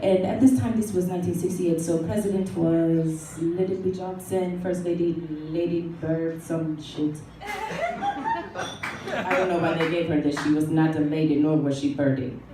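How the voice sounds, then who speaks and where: A woman's voice: lowish voice, sing-song, a little slow, noisy background. Woman playing a sardonic, proud older star. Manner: dry, sardonic, mock-haughty. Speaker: comic performing a historical figure. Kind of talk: in-character stand-up storytelling. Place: small coffee bar, live show. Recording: roomy live room, mic from far.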